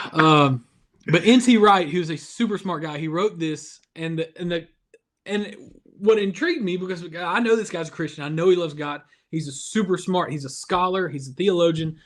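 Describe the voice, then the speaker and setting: A man's voice: high voice, moderate pace, fairly bright tone. A man hosting a casual youth devotional over a video call, chatty and self-deprecating. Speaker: youth ministry devotional host.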